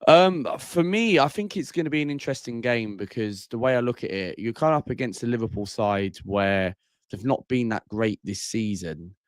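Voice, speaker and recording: A man's voice: medium pitch, normal speed, no echo, clean studio sound. A man hosting a casual call-in livestream, talking bluntly and tagging lines with bro and mate. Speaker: livestream host.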